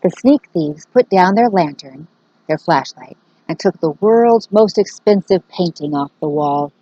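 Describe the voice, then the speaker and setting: A woman teacher reading a children's book aloud, expressive and aimed at young listeners. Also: lowish voice, a little slow, no room sound, dull audio.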